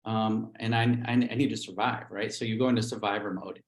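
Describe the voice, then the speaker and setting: A middle-aged real estate agent talks candidly about how he built his business. His voice sits at an ordinary pitch, and he slips into quick acted-out quotes. The sound carries an echoey room around him. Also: fairly even intonation. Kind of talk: livestream interview storytelling.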